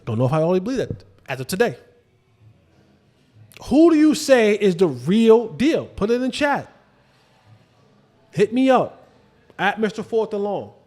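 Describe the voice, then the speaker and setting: A man hosting a sports show, talking casually about football with lively swings and rhetorical questions to viewers. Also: measured pace, pauses often. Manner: animated, drops to low emphatic asides, rhetorical questions to viewers. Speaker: sports podcast host. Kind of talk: casual football commentary to camera.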